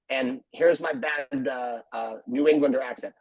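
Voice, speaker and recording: A man's voice: mid-range voice, fairly even intonation, moderate pace, hardly any pauses, a little mellow, breathy edge, dry recording, poor audio. A man who runs a martial arts school, talking earnestly on a video call panel and repeating phrases for emphasis.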